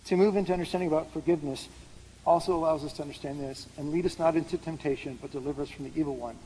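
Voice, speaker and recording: A man's voice: fairly high pitch, fairly even intonation, very fast, mellow. A man preaching a sermon, explaining scripture in a conversational way and putting questions to the room. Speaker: pastor. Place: large hall with an audience. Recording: hall reverb with faint background noise.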